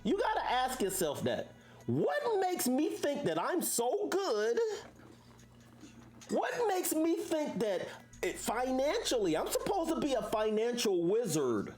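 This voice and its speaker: A woman's voice: a little high, darkish tone. A woman hosting a casual livestream, talking to viewers in a preachy way full of rhetorical questions. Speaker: livestream host.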